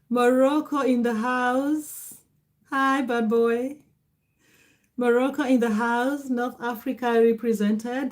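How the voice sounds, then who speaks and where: A middle-aged woman with a Kenyan accent, hosting a casual livestream and reading out viewer comments, greeting people by name. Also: a little high. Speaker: livestream host.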